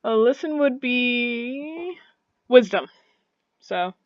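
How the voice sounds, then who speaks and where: A woman's voice: a little high, expressive, extremely slow, no echo, dull audio. A woman running a tabletop game as game master, talking in a rambling way with many fillers.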